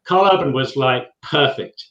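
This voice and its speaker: A man's voice: medium pitch, moderate pace, a bit bright, slight background noise. A British man from England, co-hosting a casual TV chat and talking hesitantly with many restarts. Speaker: co-host. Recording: roomy, dull lo-fi sound.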